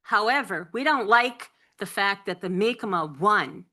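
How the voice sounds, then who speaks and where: A middle-aged woman from Nova Scotia giving an impassioned public talk, emphatic and halting, full of rhetorical questions. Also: mid-range voice, animated, pushed and bright. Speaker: panel speaker.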